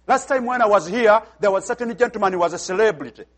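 High-voiced visiting pastor preaching emphatically. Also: male voice, quick pace. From outside the United States. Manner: emphatic preaching, repeats phrases, acts out dialogue. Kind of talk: sermon.

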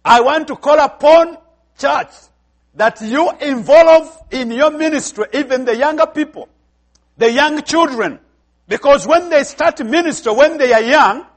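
A man with an African accent preaches in a very high voice. He delivers an emphatic sermon. He keeps putting questions to the congregation. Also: unhurried.

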